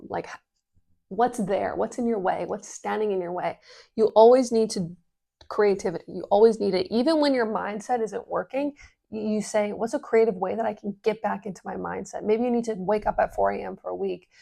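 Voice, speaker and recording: A woman talking casually as a business coach, energetic and full of fillers, swearing now and then. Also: medium pitch, moderate pace, creaky. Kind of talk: casual explainer vlog.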